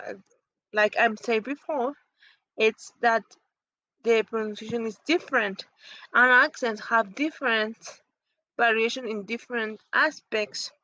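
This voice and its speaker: A woman whose first language is Spanish, explaining phonetics in halting English as she searches for words. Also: fairly high pitch, bright, forceful tone, no room sound, poor audio.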